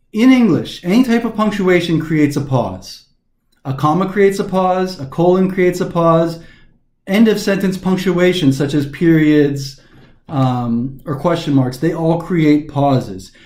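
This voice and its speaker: A man's voice: a little high, darkish tone, reverberant. A man teaching a recorded prep lesson, explaining answers step by step with frequent restarts. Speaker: test prep instructor.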